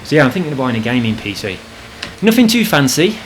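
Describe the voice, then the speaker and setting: A man's voice: mid-range voice, sing-song, quick pace, background noise. Rambling man with frequent swearing. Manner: rambling, swears freely, frustrated. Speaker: gaming channel host. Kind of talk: casual chat over gameplay. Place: home apartment.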